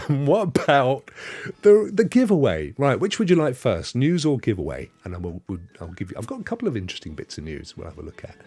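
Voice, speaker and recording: A man's voice: medium pitch, huge pitch swings, brisk, darkish tone, slightly rough, dry recording. A man from Devon, hosting a casual livestream chat and rambling playfully with viewers. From Devon, England. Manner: rambling, playful, spins tall tales. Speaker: host.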